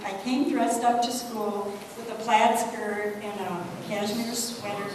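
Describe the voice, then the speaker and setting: An older woman from the United States, telling a chatty story in a soft voice as a guest speaker at an anniversary party. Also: medium pitch, fairly even intonation, unhurried, a little hiss or hum. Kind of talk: anniversary speech. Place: hotel banquet hall. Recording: echoey banquet hall from far off.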